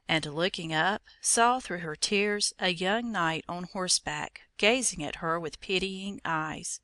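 A woman reading an old fairy tale aloud in a measured, expressive storytelling manner. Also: fairly low pitch, no room sound. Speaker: narrator.

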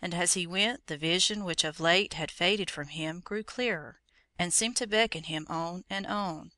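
A narrator reading an old legend in a steady, measured storybook manner. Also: medium pitch, dry recording.

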